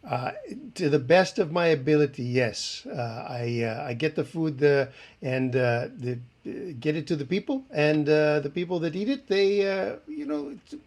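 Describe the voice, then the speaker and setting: A man voicing a fake chef with a put-on French accent, talking in halting bursts with many hesitations. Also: on the high side, animated, darkish tone. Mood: sly. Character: fake French chef, middle-aged man, sly and smug. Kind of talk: improv comedy character.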